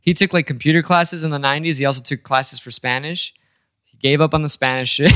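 A man's voice: a little high, a little fast, no echo, clean studio sound. Young man telling family stories. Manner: animated storytelling, quotes family in put-on voices, laughs often. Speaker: podcast co-host. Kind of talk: casual chat.

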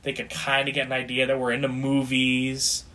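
A man's voice: medium pitch, completely flat delivery, moderate pace, sharp tone. A man co-hosting a podcast, joking, teasing and swearing casually. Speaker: podcast co-host. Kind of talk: casual chat.

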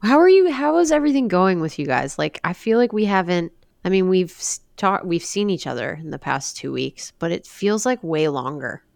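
A woman in casual chat, joking and upbeat with quick laughs. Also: fairly low pitch, sing-song, creaky, a little mellow, no room sound.

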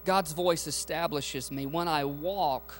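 A man's voice: on the high side, slow. A man preaching as a pastor, with emphatic delivery and questions thrown to the congregation. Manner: emphatic preaching with call-and-response asides. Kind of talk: sermon. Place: church sanctuary. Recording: faint music and mains hum behind.

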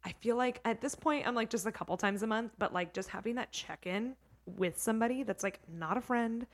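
A hair educator chats casually as a podcast guest in an interview, sprinkling in plenty of "like" and "you know what I mean." Her voice is fairly high-pitched and a little fast.

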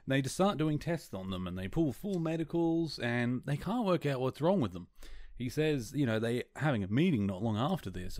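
A man's voice: fairly low pitch, darkish tone, dry recording, studio quality. A man hosting a podcast, casually retelling a TV episode and slipping into quoted lines from the characters. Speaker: podcast host.

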